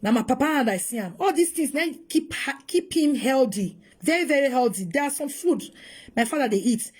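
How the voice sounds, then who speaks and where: High-voiced Nigerian woman vlogging. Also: brisk, slightly rough. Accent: Nigerian Pidgin English. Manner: animated, swings between pleading and scolding. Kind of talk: emotional casual monologue.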